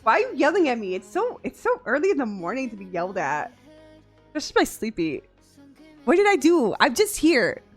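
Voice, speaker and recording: A young woman streamer chatting casually on a live stream, animated and quick to laugh, swearing freely. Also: sits high. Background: faint music.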